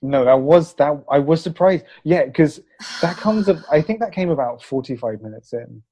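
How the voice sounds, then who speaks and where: A man's voice: a little high, animated, normal speed, mellow, breathy edge. A man hosting a casual podcast chat, playful and teasing, thinking aloud as he talks. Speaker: podcast host.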